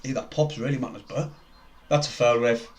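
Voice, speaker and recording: A young man with a North East English accent, commenting on a football match live for his stream and chatting with viewers in a chatty, excitable way. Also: mid-range voice, a little fast. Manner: chatty, excitable, laughs often, reads out viewer names.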